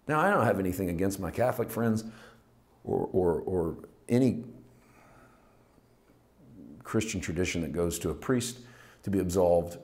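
A man teaching a sermon as pastor, shifting between loud, emphatic preaching and quiet, reflective asides, sometimes tongue-in-cheek. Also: sits low, expressive, moderate pace, pauses often.

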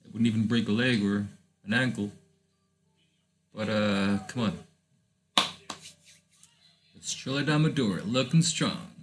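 A man from Lisbon, a native Portuguese speaker, giving casual let's-play commentary in English, thinking aloud with rambling asides and bursts of excitement. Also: lowish voice, measured pace, long pauses. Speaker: gaming channel host.

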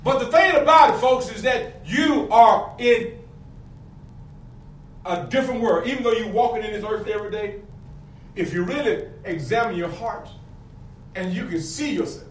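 High-voiced preaching man, echoey hall. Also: moderate pace, pauses often. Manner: fervent preaching with call-and-response questions. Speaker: pastor. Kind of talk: sermon. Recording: echoey, from a distance, faint room noise.

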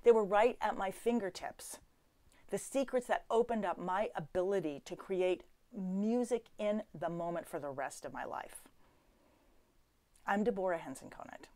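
A middle-aged woman, a harpist, telling a personal story to the camera, swinging between loud emphasis and hushed asides. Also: medium pitch, lively intonation, moderate pace.

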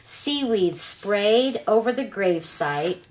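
A woman reading a children's novel aloud as a storyteller, in a slow, deliberate telling. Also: medium pitch, lively intonation, darkish tone, a little hiss or hum.

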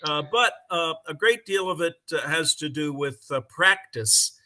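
A middle-aged man, speaking over a video call as a conference panelist. His voice sounds slightly high and very bright. He talks haltingly, with many fillers, but he stays eager and enthusiastic. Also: lively intonation. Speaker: conference panelist and English teacher. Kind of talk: conversational answer on a video call.

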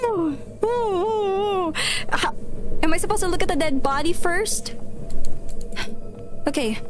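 Woman streamer, high voice, slow unhurried delivery, panicky exclamations, game music behind. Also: fairly bright tone. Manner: panicky, exclaiming, repeats herself. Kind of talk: live horror game commentary.

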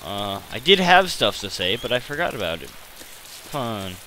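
A man talks over his gameplay in a rambling, hesitant way, full of fillers and self-deprecating asides. His voice sits low. Steady rain noise from the game hisses clearly behind him. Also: measured pace, poor audio. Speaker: gaming channel host.

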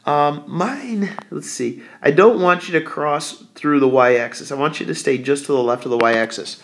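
A man's voice: on the high side, moderate pace, hardly any pauses, a bit bright. A man teaching a recorded math lesson, thinking aloud as he draws and correcting himself along the way.

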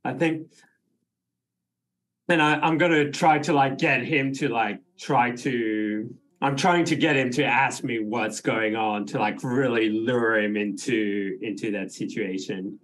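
A man playing a tabletop role-playing game, thinking aloud in halting, unfinished sentences. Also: mid-range voice, fairly bright tone. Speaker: player. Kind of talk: casual game talk.

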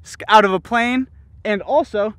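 A young man talking casually to the camera as an outdoor-sports vlogger, excited and laid-back, full of "like" and "dude". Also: high voice, moderate pace, dry recording. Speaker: vlogger and speed flyer. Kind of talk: casual vlog talk to camera. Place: outdoors on a mountain.

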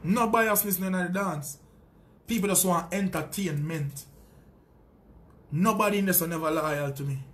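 A man's voice: high-pitched, measured pace, pauses often, fairly bright tone. A Jamaican man, a sound system selector, delivering a heated, boastful and taunting callout full of profanity.

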